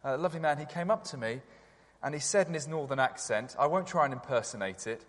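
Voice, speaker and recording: A man preaching a sermon in church, gentle and reflective, with some hesitant fillers. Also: fairly high pitch, expressive, quick pace. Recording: long church reverb.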